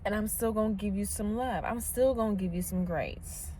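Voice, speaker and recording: Sitting in a parked truck, a US Latina stay-at-home mom records a casual vlog, mixing chat with a bit of preaching and some venting. Her voice is warm and mid-range at a normal speed, with slight background noise.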